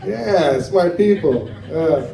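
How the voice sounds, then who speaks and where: An American man performing a stand-up comedy set on a club stage, talking in a halting way with many fillers and asides to the crowd. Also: a little high, animated, creaky, mellow. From United States. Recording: roomy venue sound from a distance.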